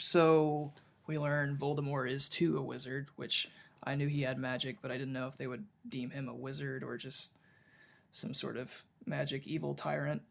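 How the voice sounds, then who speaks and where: A man's voice: a little high, level tone, normal speed, vocal fry. A man co-hosting a casual podcast book discussion, rambling, reading passages aloud and often restarting his sentences. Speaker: podcast co-host.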